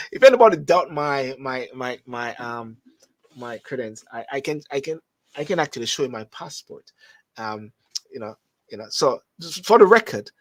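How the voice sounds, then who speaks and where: A man's voice: medium pitch, sing-song, normal speed. A Jamaican man hosting a live-streamed call-in talk show, talking animatedly, repeating words as he reads out viewer comments. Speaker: host.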